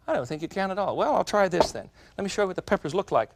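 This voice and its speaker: A man's voice: high voice, racing, gravelly, background noise. A man hosting a cooking show, demonstrating a recipe in a studio kitchen in a chatty, folksy way, talking straight to the viewers. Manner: chatty, folksy and animated, addressing viewers directly.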